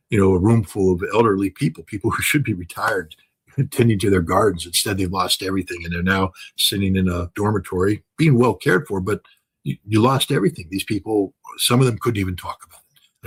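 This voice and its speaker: A man's voice: deep voice, slightly rough, low-quality recording. An older man giving impassioned commentary, talking emphatically with many fillers, restarts and repetitions.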